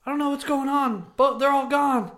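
A man voicing a frantic male townsman delivering bad news in a raised, high voice. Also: fairly even intonation, moderate pace, a bit bright.

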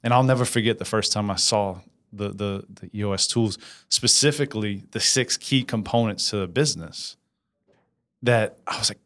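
Appearing as a guest business implementer in a casual interview, a man speaks energetically and keeps checking for agreement with frequent "right?" His voice is lowish, at a normal speed.

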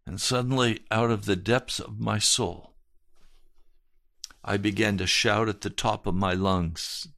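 Man, pastor, slow deliberate delivery, lowish voice, earnest testimony sermon, dry close sound. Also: fairly even intonation, vocal fry, a bit bright, dry recording. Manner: slow, earnest storytelling with dramatic swells.

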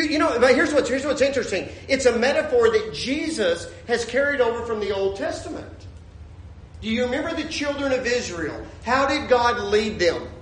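A man preaching a sermon as pastor, animated and joking, with sudden shouts and soft low asides. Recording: echoey room with faint ambience.

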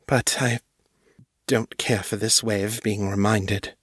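A man's voice: fairly low pitch, fairly even intonation, slow pace, breathy edge, no echo, clean studio sound. A man reading aloud and voicing a deferential, hesitant woman who has just become a vampire. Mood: subdued.

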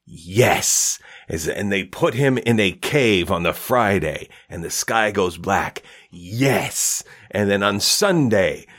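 A man hosting a podcast, telling a long joke and jumping into character voices as he goes. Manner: animated storyteller, acts out characters with pitch jumps. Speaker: podcast host.

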